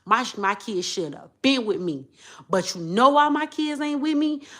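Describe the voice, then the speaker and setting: This woman, a vlogger, pours out an emotional monologue to her viewers. She repeats herself, dropping to low mutters and then bursting out loudly.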